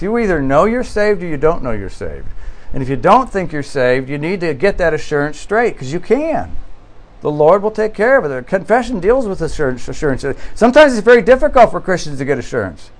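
A man's voice: fairly high pitch, very animated, fairly quick. A male pastor preaching a sermon in an earnest, emphatic way, pressing hard on key words and often restarting his phrases.

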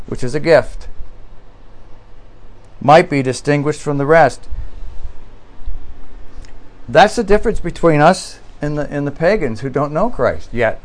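An earnest male pastor delivers a sermon with a slightly raised pitch. He presses hard on key words and often circles back to restart his phrases. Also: darkish tone.

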